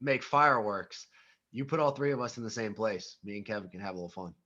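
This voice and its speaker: A man's voice: on the low side, fast talker, bright, forceful tone. A young man co-hosting a podcast, trading crude jokes in casual banter. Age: young adult. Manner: crude joking. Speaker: podcast co-host. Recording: dull lo-fi sound.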